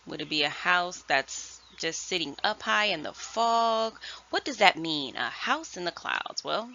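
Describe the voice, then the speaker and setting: A woman first grade teacher giving a virtual lesson, speaking slowly and enunciating clearly. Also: lowish voice, very animated, bright, forceful tone. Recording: dull lo-fi sound.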